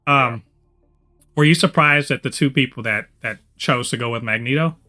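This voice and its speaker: A man co-hosting a casual TV review podcast, talking in an animated, profane way that jumps up loud when he gets excited. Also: mid-range voice, brisk, soft background music. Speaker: co-host of a TV review show.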